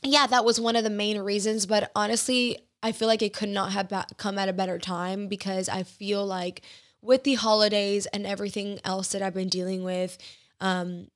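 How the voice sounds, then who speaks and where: A woman's voice: mid-range voice, level tone, normal speed. Chatty young woman hosting a podcast. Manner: chatty and confiding, with filler words. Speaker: podcast host. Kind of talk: casual solo podcast chat.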